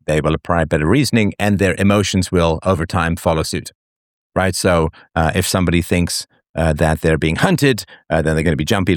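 A man's voice: low voice, dry recording, studio quality. A man hosting a call-in advice talk, explaining step by step and often checking in with "right?".

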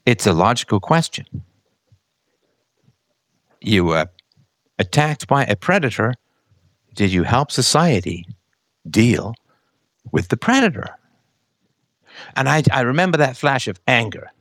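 A man talking at length in a casual, argumentative monologue, his mid-pitched voice swinging widely up and down. He presses his points with rhetorical questions. The sound is dry and close. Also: a little slow, pauses often, no room sound. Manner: animated, acts out other people's voices in quotes.

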